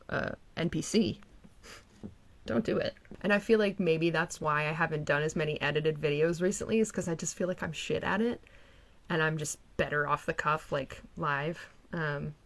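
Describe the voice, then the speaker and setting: A woman's voice: sits low, normal speed. A young woman giving casual, mocking commentary on online videos. She swears freely and laughs often.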